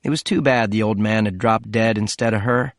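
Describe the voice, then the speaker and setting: Recorded in a clean, echo-free studio, a man with a lowish voice narrates an audiobook from a script, keeping his delivery steady and measured.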